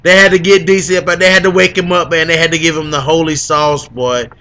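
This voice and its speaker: A young man with a fairly high voice gloats through a casual fight recap on a podcast. He teases his co-host, repeats his points again and again, and laughs often. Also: level tone, fast talker, pushed and bright. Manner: teasing, boastful, repeats lines for emphasis, laughs a lot. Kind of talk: gloating casual MMA commentary.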